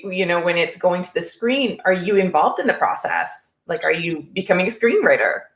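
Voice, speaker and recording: A woman's voice: lowish voice, expressive, a little fast. Encouraging woman podcast host. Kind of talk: casual interview chat.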